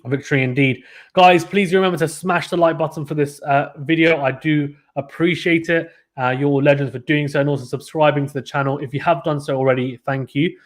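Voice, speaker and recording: A man's voice: on the high side, fairly even intonation, brisk. A man commentating a live tennis watchalong stream, chatting casually and reading out viewer comments between points.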